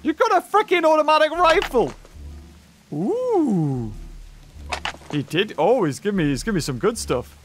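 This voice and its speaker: A man giving excitable gameplay commentary, laughing often and yelping at jump scares. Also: very high voice, normal speed, pauses often, soft background music. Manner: excitable, laughs a lot, yelps and shouts at scares. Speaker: gaming YouTuber.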